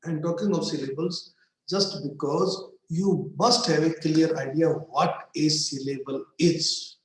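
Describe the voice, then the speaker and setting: Slow-speaking man lecturing in an echoey room. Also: a little high, steady tone. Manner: slow and deliberate, repeating words to stress syllables. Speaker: English literature lecturer.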